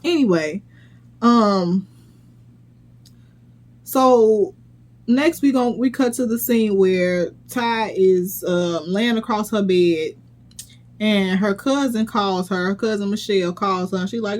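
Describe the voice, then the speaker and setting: A woman's voice: medium pitch, slow pace, long pauses, darkish tone. Sassy blunt woman recapping reality TV. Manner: sassy, blunt, profane, incredulous. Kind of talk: casual commentary vlog.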